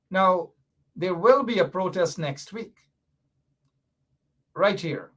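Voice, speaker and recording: A man's voice: high-pitched, lively intonation, slow, long pauses. A man hosting a political commentary show, emphatic and repetitive, with a mocking edge. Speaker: show host.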